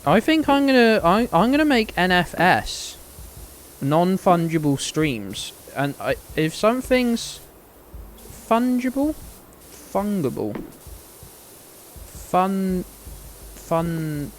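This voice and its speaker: A man's voice: high voice, sing-song, takes it slowly, a little hiss or hum, poor audio. A man streaming a game, chatting casually to his viewers in a rambling, sweary, joking way.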